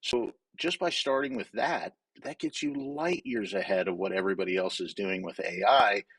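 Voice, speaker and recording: Male guest from Wyoming, low husky voice, candid storyteller, dry close sound. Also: big pitch swings, moderate pace, a bit bright, no echo. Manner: candid, storytelling, many filler restarts. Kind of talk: casual interview talk.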